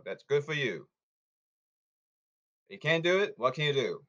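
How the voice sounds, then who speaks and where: A man's voice: on the high side, big pitch swings, unhurried, fairly bright tone, highs cut off. A man hosting a sports podcast who talks in a blunt, hectoring way and repeats himself, in a casual commentary monologue.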